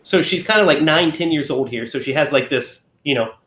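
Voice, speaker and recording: A man's voice: on the high side, a little fast, fairly bright tone, reverberant. A man co-hosting a casual film discussion, rambling and correcting himself as he talks, often acting out lines. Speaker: podcast co-host.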